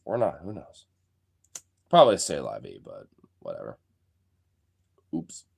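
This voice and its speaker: A man's voice: extremely low pitch, wildly swooping pitch, measured pace, creaky, breathy edge. A young man chatting casually on a live stream, rambling with lots of fillers, frequent swearing and laughter.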